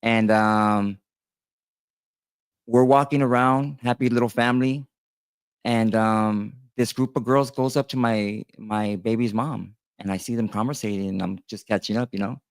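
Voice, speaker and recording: A tattoo artist in his thirties speaks a little slowly in a smooth, lowish, steady voice with no echo. He tells a personal story straight to his viewers in a casual, rambling monologue full of fillers and restarts.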